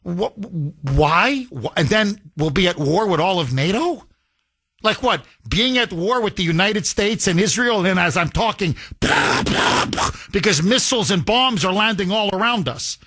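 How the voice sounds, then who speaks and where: High, bright-voiced talk radio host. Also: male voice, expressive, measured pace. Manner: emphatic, rhetorical questions. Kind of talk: opinionated talk radio monologue.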